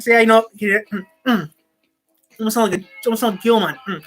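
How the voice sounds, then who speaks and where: A woman with a fairly high, slightly bright voice talks briskly to camera on her own channel, chatting casually at home. She often restarts her sentences, speaks into a desk microphone, and has soft music playing behind her.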